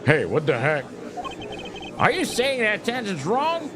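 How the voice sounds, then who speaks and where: A man voicing a loud, agitated male onlooker in a shrill, excitable way while reading game dialogue. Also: a little slow, background noise, full character voice. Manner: shouty and excitable.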